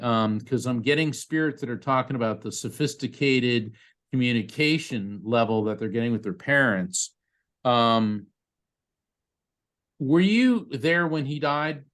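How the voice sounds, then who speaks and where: A man's voice: medium pitch, fairly bright tone. Chatty male psychic medium. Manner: chatty, halting, with many fillers and restarts. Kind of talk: live reading for a bereaved parent.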